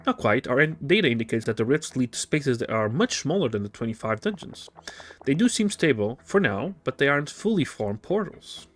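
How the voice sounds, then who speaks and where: A man voicing a flattering, evasive woman mayor in a video game with a put-on foreign accent. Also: mid-range voice, fairly quick, natural voice. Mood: smooth. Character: scheming, smooth-talking woman mayor.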